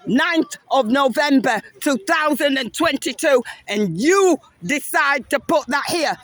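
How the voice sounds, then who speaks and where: High voiced guy yelling accusations into his phone out in a park, keeps repeating himself. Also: expressive, unhurried, hardly any pauses, no echo. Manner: impassioned, accusing, repeats demands. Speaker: protester filming a confrontation. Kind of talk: live confrontation filmed on phone. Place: outdoor city park. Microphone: handheld phone camera.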